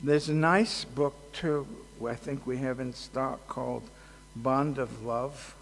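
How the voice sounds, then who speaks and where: A man giving a casual devotional talk at a festival, halting and joking, with many fillers. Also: medium pitch, steady tone, creaky. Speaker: speaker at a temple festival. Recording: long hall reverb.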